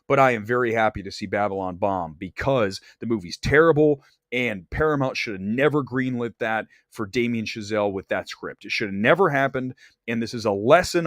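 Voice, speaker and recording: A man hosting a movie talk show, delivering blunt, opinionated box office commentary and climbing high in pitch when he gets worked up. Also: animated, fairly quick, a bit bright, dry recording, clean studio sound. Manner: blunt, opinionated, straight-talking. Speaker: host.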